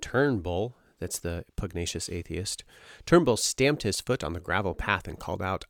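A man's voice: low-pitched, moderate pace, creaky, hardly any pauses, no room sound, studio quality. A man casually retelling and discussing a novel with friends, rambling with fillers. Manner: rambling, animated summarizing with filler words. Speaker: book club member.

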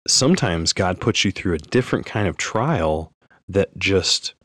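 A man with a very deep voice adds his thoughts on a podcast in a loose, informal way, often restarting sentences. The sound is dry and close to the mic. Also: expressive, measured pace, a bit bright, no room sound. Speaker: podcast co-host. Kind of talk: casual podcast discussion.

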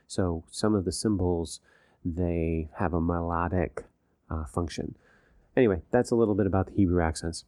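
A man's voice: deep voice, normal speed, dark tone, no echo, studio quality. A man in a casual podcast chat, explaining things patiently like a teacher.

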